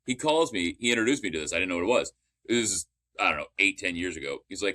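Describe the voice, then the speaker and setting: On a laid-back sports podcast, a man with a low voice that has a bright edge tells a story. He talks fast and expressively, rambling with eagerness, restarting sentences and letting the occasional curse slip.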